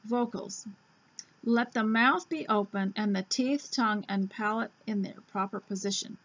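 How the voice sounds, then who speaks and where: A woman host reading an old school reader aloud, breaking off into chatty asides and admitting she talks too fast. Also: a little high, a bit bright, slightly rough. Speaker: homemaking radio host. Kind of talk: casual reading lesson. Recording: dull lo-fi recording.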